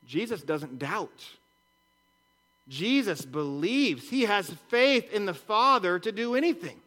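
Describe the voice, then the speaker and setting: A man delivers a sermon in a notably high-pitched voice. His tone is bright and forceful, and he works through his points with repeated phrases and questions to the listeners. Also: big pitch swings, a little slow. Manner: earnest preaching with rhetorical questions and repetition. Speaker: pastor.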